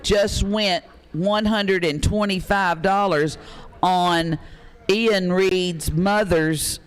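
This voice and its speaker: A man calls bids at a charity auction, excitable and joking as he urges bidders on. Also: high-pitched, drawn-out words, clean tone. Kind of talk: live auction calling.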